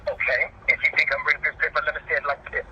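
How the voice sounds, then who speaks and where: A man's voice: flat delivery, rapid-fire, noisy background. A man arguing angrily on a recorded phone call, cursing and swinging his voice around. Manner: angry, cursing, swooping pitch. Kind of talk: heated argument on a recorded call.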